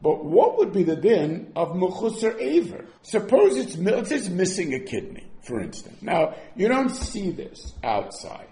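A man's voice: sits high, wildly swooping pitch, normal speed, few pauses, mellow, reverberant, a little hiss or hum. A man teaching a Talmud lesson, asking and answering questions back and forth as he explains.

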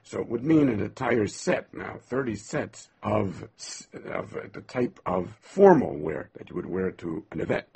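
A man's voice: on the low side, big pitch swings, normal speed, creaky, few pauses, darkish tone, slightly rough. A man teaching a Bible class, reading Hebrew verses and then explaining them in English. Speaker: Torah teacher.

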